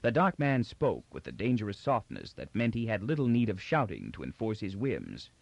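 A man reading a novel aloud with an expressive, theatrical delivery. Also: fairly low pitch, normal speed, creaky, dry recording. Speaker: audiobook narrator. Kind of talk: scripted narration. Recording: dull dry audiobook recording.

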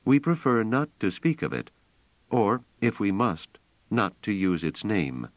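A man voicing a proud, touchy superstitious woman, speaking slowly and emphatically. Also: lowish voice, sing-song, no room sound, pitched above the performer's own voice. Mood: solemn. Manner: tense, emphatic, slow deliberate delivery. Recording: slightly dull, dry audiobook recording.

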